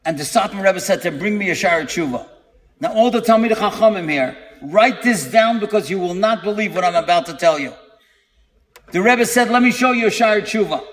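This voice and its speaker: A man's voice: sits high, lively intonation, a little fast. A man telling a story in a sermon to an audience, delivering it dramatically, acting out the quotes and building to emphatic peaks. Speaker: preacher. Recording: long hall reverb.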